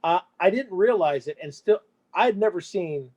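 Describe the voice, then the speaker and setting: Talkative male movie host, slightly high pitch, loose casual delivery. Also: lively intonation, normal speed, a little mellow. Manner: chatty, rambling. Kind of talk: casual interview chat.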